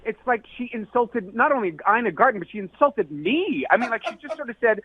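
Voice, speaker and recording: A man's voice: extremely high pitch, expressive, a little fast, few pauses, slightly rough, no echo. Indignant man on a tinny phone line. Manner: indignant, dramatic retelling. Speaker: caller on a radio prank segment.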